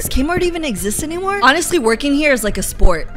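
Excitable high-voiced woman gaming. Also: fast, hardly any pauses. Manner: excitable, talks back to game characters, bursts into shouts. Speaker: gaming YouTuber. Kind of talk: let's-play commentary. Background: game music.

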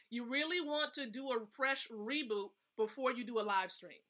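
A woman's voice: sits high, moderate pace, hardly any pauses, pushed and bright. A woman hosting a casual live stream, giving chatty, emphatic tips and often checking in with her viewers. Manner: chatty, emphatic, asks the audience questions. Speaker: host.

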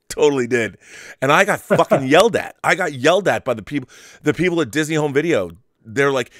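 A man co-hosting a casual chat show, telling rambling stories in an animated way and swearing freely. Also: mid-range voice, a little fast, dry recording, clean studio sound. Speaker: co-host.

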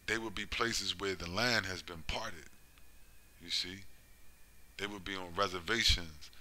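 A man preaching about prophecy in a rhetorical, emphatic way, who keeps asking "right?" and "you see?" and slows down to stress scripture. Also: low voice, bright, forceful tone. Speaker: religious commentator.

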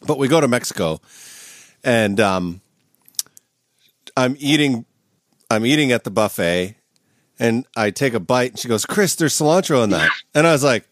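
A man's voice: medium pitch, expressive, moderate pace, long pauses, dry recording, studio quality. A man co-hosting a podcast over a video call, telling a wild story with lots of swearing and laughter. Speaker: podcast co-host. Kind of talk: casual chat, storytelling.

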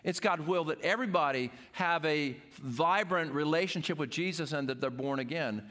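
A man's voice: fairly high pitch, normal speed, fairly bright tone. An older man, a pastor, preaching an earnest sermon to his congregation.

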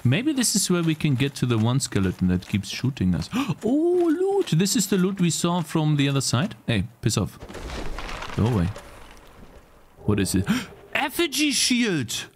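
Lively young man streaming a game. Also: medium pitch, moderate pace, a little hiss or hum. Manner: swears and yells at the game, then apologizes. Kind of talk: live gameplay commentary.

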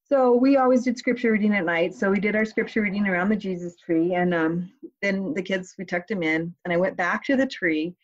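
A woman and mother telling a personal story as a guest, heartfelt and hesitant, with pauses and restarts. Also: mid-range voice. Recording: slightly muffled podcast clip.

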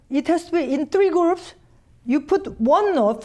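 A woman teaching a cello master class, coaching a student directly in halting phrasing and singing passages on syllables to show them. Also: extremely high pitch, expressive, a little mellow. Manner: sings phrases on syllables to demonstrate.

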